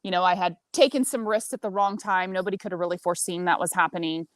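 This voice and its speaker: A woman in her forties telling a story as a podcast guest, blunt and animated, swearing freely. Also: fairly low pitch, quick pace, no room sound. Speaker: senior marketing director. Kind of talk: casual storytelling chat.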